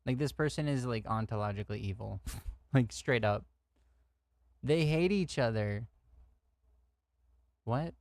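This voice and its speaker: A man's voice: medium pitch, lively intonation, a little slow, pauses often, a little mellow, no echo. Heated, swearing male streamer. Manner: outspoken, swearing, laughs often, heated rants. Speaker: streamer reacting to news clips. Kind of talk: casual reaction commentary.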